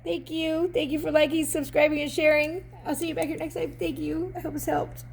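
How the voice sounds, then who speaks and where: A woman's voice: sits high, little pitch movement, a little fast, vocal fry, a little hiss or hum. A woman doing a casual oracle card reading, chatty and upbeat, reading card text aloud and laughing often.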